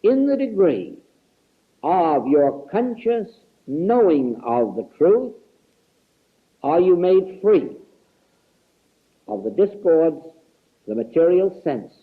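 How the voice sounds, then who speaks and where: A man lectures on spiritual matters in an earnest, emphatic way, returning to the same words for stress. His voice sits high and rises and falls widely, and he takes his time over each phrase. It comes through a narrow, tinny archival tape recording. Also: sing-song, takes it slowly, pauses often. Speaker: spiritual teacher.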